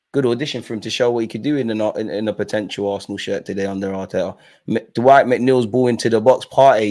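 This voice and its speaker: Speaking at a medium pitch, a young man hosts a live football watch-along. His commentary is casual and full of slang, and he shouts at the referee.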